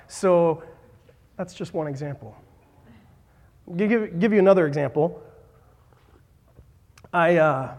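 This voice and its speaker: Guy preaching in a church, kinda high voice, lots of uhs and restarts, big hall echo. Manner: halting, many fillers and restarts, self-deprecating asides. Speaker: pastor. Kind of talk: sermon. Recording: long reverb of a hall.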